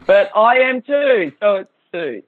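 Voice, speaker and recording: A man's voice: high-pitched, very animated, measured pace, no room sound. A man with an Australian accent, chatting and joking as an interview guest. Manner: jokey, self-deprecating. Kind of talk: casual video-call chat. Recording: muffled dry sound.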